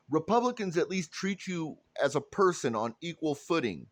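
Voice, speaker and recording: A man's voice: a little high, very animated, normal speed, no room sound. A man delivering a heated, profane political rant straight to his audience. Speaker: political commentator. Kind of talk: ranting monologue to camera.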